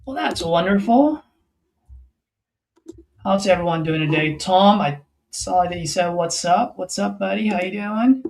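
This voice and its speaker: A man with a somewhat high voice, guesting on a casual livestream through a computer mic. He sounds easygoing and jokes at his own expense. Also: steady tone, moderate pace, vocal fry, rough recording. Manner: easygoing, joking, self-deprecating. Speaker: guest sales closer.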